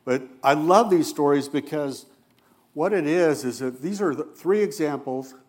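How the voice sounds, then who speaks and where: Speaking with a fairly high pitch and an unhurried delivery, this church elder preaches a sermon with earnestness, softening to a quiet tone for gentle quoted words.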